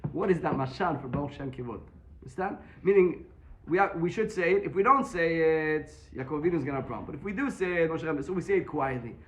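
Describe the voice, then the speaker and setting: A man teaching a Talmud class, explaining quickly and mixing Hebrew terms into his English. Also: on the high side, lively intonation, a bit bright.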